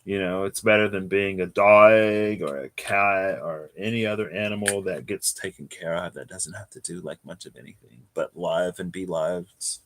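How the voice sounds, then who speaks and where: A man's voice: low-pitched, steady tone, normal speed, hardly any pauses. A man doing a casual live tarot reading, chatty and given to laughing and wandering off into asides. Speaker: tarot reader.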